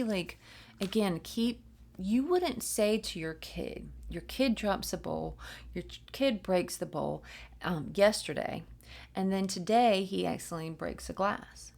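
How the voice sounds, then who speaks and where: A woman's voice: mid-range voice, measured pace, gravelly, darkish tone. A woman doing a spiritual reading, talking to her viewers in a chatty, rambling, encouraging way with a self-mocking streak. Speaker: spiritual reader, channel. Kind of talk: casual spiritual pep talk to camera.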